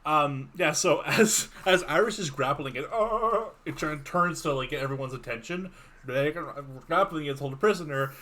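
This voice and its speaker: A man's voice: a little high, moderate pace, pushed and bright. A man serving as game master, narrating a tabletop game in a laid-back, playful way and laughing often. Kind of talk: running a tabletop game over voice chat.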